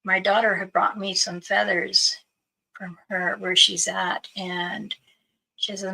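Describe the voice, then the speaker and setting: A woman's voice: mid-range voice, little pitch movement, slow pace, creaky, bright, forceful tone, poor audio. A woman hosting a livestream, chatting casually with viewers and telling stories in a loose, rambling way. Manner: chatty storytelling, greeting viewers. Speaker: livestream host.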